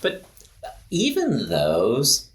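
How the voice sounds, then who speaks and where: A man's voice: mid-range voice, wildly swooping pitch, drawn-out words. A man co-hosting a casual health podcast, from the Pacific Northwest of the US, who talks in loose, rambling sentences full of "like" and "um". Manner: rambling, filler-heavy, laughs easily. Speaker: podcast co-host.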